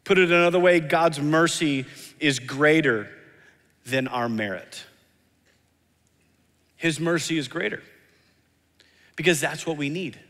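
Guy preaching in a church, kinda high voice, earnest, repeats his points, big echo tail. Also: unhurried, pauses often, fairly bright tone. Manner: earnest, acts out quoted voices, emphatic repetition. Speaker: pastor. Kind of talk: sermon. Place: church sanctuary. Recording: long hall reverb.

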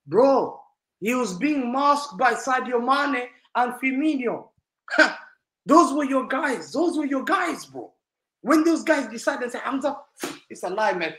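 A bright, forceful male voice, animated and mocking as he rants about a rival club and laughs at his own jokes. The room sound is echoey and roomy around him. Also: very high voice, a little slow. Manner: animated, teasing, laughing often. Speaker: football podcast panelist. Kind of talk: loud banter-filled casual chat.

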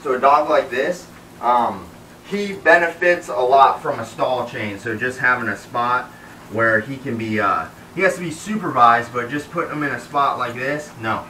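Man dog trainer, bright and off-mic. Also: medium pitch, moderate pace, reverberant, far from the mic, slight background noise, rough recording. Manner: commands the dog mid-sentence, many fillers. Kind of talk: explaining while training a dog.

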